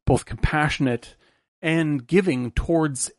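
A man's voice: fairly high pitch, unhurried, no room sound, studio quality. A man in a casual film discussion, talking thoughtfully and searching for words with many fillers and restarts.

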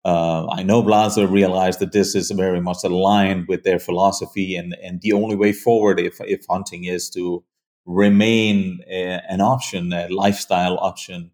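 Guest interviewee: a man with a deep voice, earnest, halting speech full of fillers. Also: little pitch movement, darkish tone. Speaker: hunting show creator, guest. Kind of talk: conversational interview.

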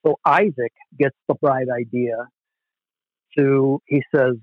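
A man's voice: medium pitch, fairly even intonation, slow, no echo, lo-fi sound. A man, a former hardcore band musician, telling rambling, self-deprecating stories in a casual interview, with many "you know"s.

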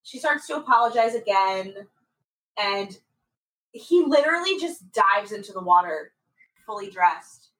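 A woman co-hosting a casual podcast, telling a story with lively acted-out quotes and plenty of swearing. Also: medium pitch, measured pace, far from the mic, rough recording. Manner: animated storytelling, acts out quotes, swears freely. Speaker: podcast co-host. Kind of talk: casual recap chat.

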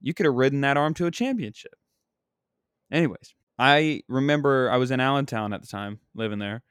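A man's voice: mid-range voice, fairly quick, fairly bright tone, smooth, dry recording. Casting: young comic, male, rambling exasperated rant, dry close mic. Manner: exasperated, rambling, self-deprecating. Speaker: comedian. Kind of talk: casual sports rant.

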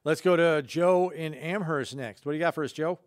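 A man hosting a sports talk radio show, moving briskly through breaks and calls. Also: on the high side, no room sound, studio quality. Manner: brisk, scripted segues. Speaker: radio host.

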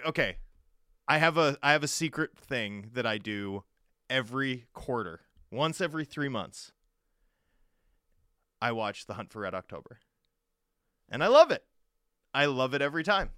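A man co-hosting a sports talk show, telling stories in an animated, chatty way with quick asides. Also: medium pitch, clean tone, no room sound, studio quality. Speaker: sports radio co-host.

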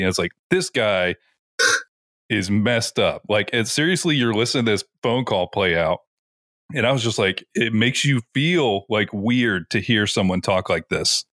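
A man's voice: lowish voice, normal speed, dry recording, studio quality. A man co-hosting a podcast, casually retelling an episode with lots of "like" and filler. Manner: animated retelling with frequent "like". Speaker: podcast co-host. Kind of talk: casual chat.

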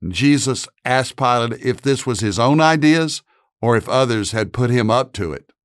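A man's voice: mid-range voice, animated, moderate pace, no echo, studio quality. A man giving earnest, explanatory commentary on scripture. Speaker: Bible teacher.

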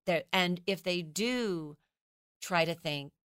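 A woman who teaches children's ministry, explaining child development as a guest in a podcast interview, animated and acting out how children talk. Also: lowish voice, slow, clear, resonant tone, no room sound, studio quality. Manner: animated, acts out children's voices.

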